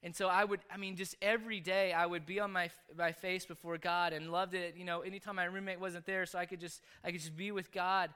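A man delivers a sermon through personal testimony, speaking in an earnest, confessional way. His voice sits high for a man and rings bright and very clear. He tells his story openly, as if to a familiar congregation. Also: level tone, a little fast, few pauses.

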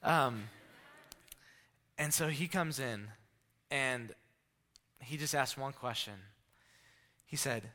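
Man, sermon storytelling, bright clear tone, animated delivery. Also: mid-range voice, slow pace, long pauses. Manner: animated storyteller, acts out shouted quotes.

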